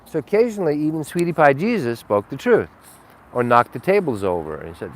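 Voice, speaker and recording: A man giving an unscripted spiritual monologue, rambling and blunt, with frequent swearing and sudden swings between loud and soft. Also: on the high side, very animated, brisk, slight background noise. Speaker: spiritual teacher.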